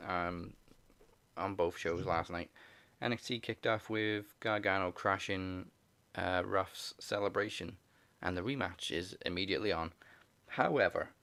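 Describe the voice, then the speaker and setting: A man co-hosting a wrestling podcast, recapping the week's matches in a relaxed way and laughing often. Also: lowish voice, vocal fry, dry recording. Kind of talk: casual recap of wrestling shows.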